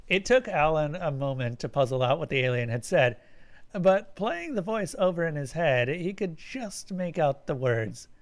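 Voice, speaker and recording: A man reading a story aloud on a live stream, his voice sitting a little high for a man. He stumbles now and then and corrects himself on the fly, keeping a casual storytelling flow. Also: sing-song, moderate pace. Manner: reads with slips and self-corrections.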